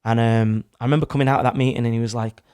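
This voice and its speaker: A man's voice: mid-range voice, fairly even intonation, racing, a little mellow, clean tone, no echo, clean studio sound. A young man, casually telling a rambling story in a podcast chat, with some swearing. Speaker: podcast guest. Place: studio. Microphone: studio microphone.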